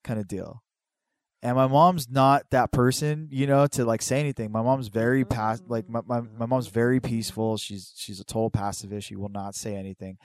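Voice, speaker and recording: A man with a medium-pitched, steady voice tells a long personal story at a moderate pace in casual chat. He rambles, swears, and restarts often, raising his voice to act out the people he quotes.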